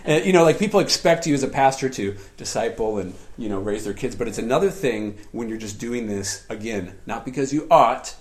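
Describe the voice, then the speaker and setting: A man preaching a sermon in a lively storytelling way, often laughing as he tells personal stories. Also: medium pitch, brisk, hardly any pauses. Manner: animated, laughs often while telling stories. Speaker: pastor.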